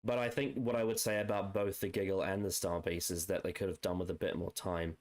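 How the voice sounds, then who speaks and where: A man's voice: low voice, fairly even intonation, a little fast. A man co-hosting a podcast, talking in a loose, rambling way with many restarts as he picks apart a story. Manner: rambling, restarts a lot, analytical. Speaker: podcast co-host. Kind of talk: casual chat.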